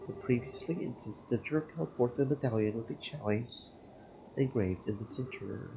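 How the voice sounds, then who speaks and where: A man's voice: mid-range voice, moderate pace, creaky, noisy background. A man hosting a let's play, reading game narration aloud in a plain way. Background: game music.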